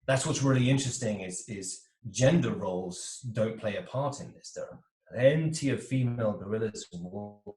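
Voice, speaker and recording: A relationship coach with a low-side, slightly mellow male voice speaks at normal speed, recorded from a distance with a roomy echo. As an interview guest on a video call, he explains things animatedly and slips into little voices for the types he describes.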